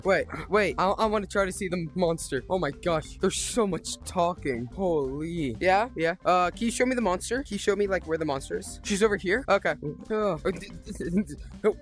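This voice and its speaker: Young male gaming host, jumpy and loud, yelps and laughs, very animated delivery, game music underneath. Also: high voice, normal speed. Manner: excitable, screams and laughs often, repeats phrases. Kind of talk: VR horror gameplay commentary.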